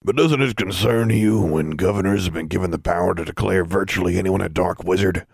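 A skeptical old colonial wizard with low, grumbling objections to everything new. A man acts him out in a dry, close audiobook read. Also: a little fast, gravelly, slightly rough, no echo, full character voice. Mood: questioning. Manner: doubtful, head-shaking objections.

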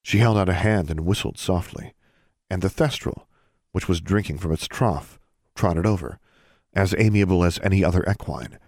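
A man narrating a fantasy audiobook in a steady, even storytelling manner. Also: sits low, dry recording, clean studio sound. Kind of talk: scripted narration.

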